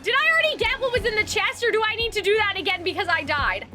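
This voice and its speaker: Excitable young woman streamer, high voice. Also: fast talker. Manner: excitable, screams and rambles, says like and bestie a lot. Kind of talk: casual live gameplay commentary. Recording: home streaming mic with game music playing.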